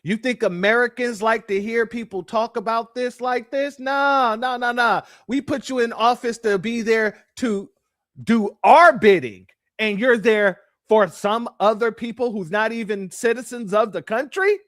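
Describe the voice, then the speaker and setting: A man's voice: very high-pitched, normal speed, fairly bright tone, no echo, studio quality. A man hosting reaction commentary, talking bluntly and sardonically to his viewers. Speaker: commentary host.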